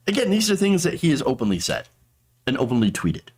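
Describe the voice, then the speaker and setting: A man's voice: mid-range voice, very animated, fast, faint music behind. Sarcastic man hosting political commentary. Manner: sarcastic, mocking.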